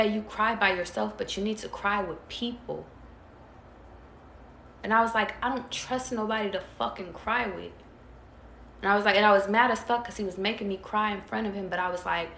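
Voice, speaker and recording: A woman's voice: mid-range voice, creaky, fairly bright tone. A woman tarot reader, talking bluntly and profanely to her viewers. She hammers her points home through repetition. The recording is roomy and echoey, with a faint hiss underneath. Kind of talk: casual spiritual pep talk to viewers. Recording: echoey room with faint noise.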